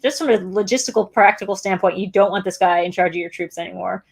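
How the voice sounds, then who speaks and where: A woman's voice: mid-range voice, fairly even intonation, fast talker, gravelly. A woman co-hosting a movie discussion show, rambling in a casual, profane way with lots of filler words. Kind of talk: casual film discussion chat.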